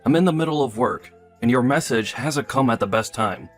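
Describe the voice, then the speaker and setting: A man's voice: medium pitch, lively intonation, brisk, faint music behind, close to an everyday voice. A man voicing a careless, selfish young husband in a text-story drama, offhand and dismissive.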